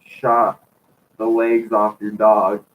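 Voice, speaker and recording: A man putting on a slow, overly polite voice for an eccentric elderly grandfather in a storybook. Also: on the low side, completely flat delivery, phone-quality sound, pitched below the performer's own voice. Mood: mock apologetic. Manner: slow, mock-formal.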